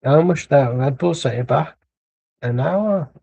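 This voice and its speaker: A man's voice: medium pitch, moderate pace, vocal fry, dark tone, slightly rough, no echo, low-quality recording. A young man streaming a football watchalong, chatting casually and rambling with jokes and asides as the match plays. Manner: rambling, joking banter with asides. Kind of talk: casual live match commentary.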